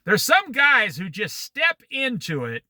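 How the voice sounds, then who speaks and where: A man in his sixties teaches a Bible study in a lively, swooping voice that sits high for a man. His sound is very bright and cutting, and he breaks off into opinionated, digressive stories. The recording is dry, with almost no room sound. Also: measured pace, no room sound. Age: 60s. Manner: opinionated, digressive, animated storytelling.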